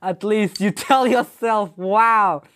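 A woman streaming a video game, reacting with loud exclamations, laughter and slang. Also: medium pitch, slow pace. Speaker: gaming streamer. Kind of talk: excited game commentary.

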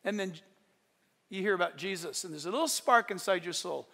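High bright-voiced preacher in a reverberant hall. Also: male voice, a little fast, gravelly. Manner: emphatic storytelling, swinging from loud to hushed. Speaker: pastor. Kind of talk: sermon. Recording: long reverb in a large hall.

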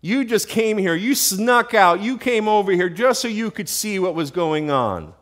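A man voicing an angry older brother who belittles his younger sibling, raising his pitch and volume. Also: lively intonation, unhurried, fairly bright tone. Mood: accusing. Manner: harsh, belittling.

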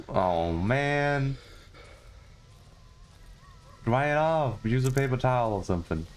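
A man from Denmark giving goofy, casual commentary on a game he is playing, talking to the characters and jumping into high squeals. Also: expressive, takes it slowly, long pauses, slight background noise. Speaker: gaming streamer.

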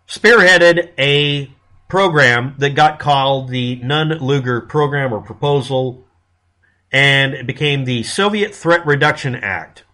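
A man from the United States talks through his commentary in a blunt, sarcastic way. His pitch sits mid-range for a man, and he swears freely. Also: sharp tone. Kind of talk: casual monologue commentary.

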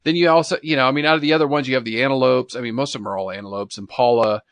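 A man's voice: medium pitch, steady tone, rapid-fire, dry recording. A man co-hosting a podcast in casual chat, easygoing and full of fillers. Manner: easygoing, lots of "yeah" and "you know". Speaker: podcast co-host.

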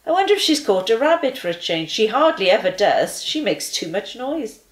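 A woman's voice: a little high, moderate pace, roomy sound, pitched above the performer's own voice. A woman voicing an anxious, eager young boy in a read-aloud children's story. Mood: curious. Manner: excited, pleading.

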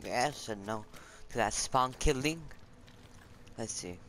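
A young man chatting casually over his own gameplay, jumpy and quick to yelp when startled. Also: mid-range voice, expressive. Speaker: gamer streaming his match. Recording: noisy game audio behind voice.

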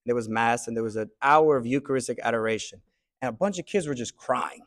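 A man teaching a class, thinking aloud in a reflective way with pauses. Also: medium pitch. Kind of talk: classroom discussion.

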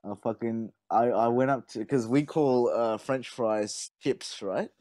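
A man's voice: mid-range voice, a little slow, mellow, no echo. A young man with an Australian accent chatting in loose, profane, boastful talk over voice chat on a gaming stream. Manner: swears constantly, loose and boastful. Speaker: livestream gamer. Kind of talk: casual chat over voice call.

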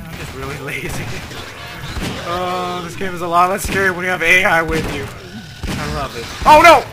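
A man's voice: fairly high pitch, normal speed, noisy background. A young man casually commenting on his gameplay, joking and rambling and talking to the characters on screen. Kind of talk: casual let's-play commentary. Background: game music and gunfire.

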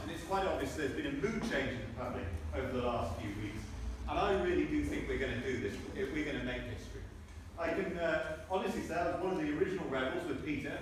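Man at a rally, earnest and emphatic, slightly high voice, echoey hall mic from afar, noisy. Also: recorded from a distance. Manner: earnest, emphatic, with asides to the crowd. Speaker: member of parliament giving a speech. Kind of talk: rally speech. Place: large echoing public hall.

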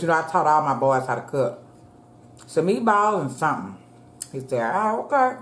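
A middle-aged woman vlogging as she eats, chatting to viewers between bites and calling them y'all. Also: low voice. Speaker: mukbang vlogger. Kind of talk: casual chat while eating. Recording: echoey room.

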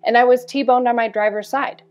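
Candid, animated woman telling her story. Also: fairly high pitch, normal speed, muffled recording. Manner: animated, candid, swears casually. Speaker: health coach. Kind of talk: storytelling promo talk.

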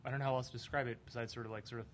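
A man's voice: medium pitch, little pitch movement, slight background noise. A man on a conference panel, a developer answering with many fillers and restarts. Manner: halting, heavy fillers.

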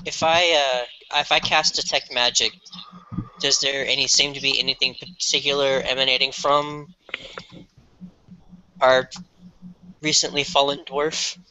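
A man's voice: medium pitch, level tone, measured pace, long pauses, sharp tone, dull audio, slight background noise. A man playing a tabletop game, playful and checking the rules as he talks. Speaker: player.

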